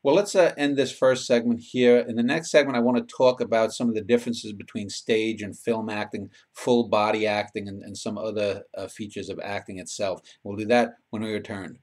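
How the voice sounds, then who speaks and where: A man's voice: on the low side, fairly even intonation, fairly quick, hardly any pauses, a little mellow. A man in his fifties from New York who hosts an interview series, rambling through side stories with many restarts over a video call. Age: 50s. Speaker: interviewer and host. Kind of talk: casual interview talk.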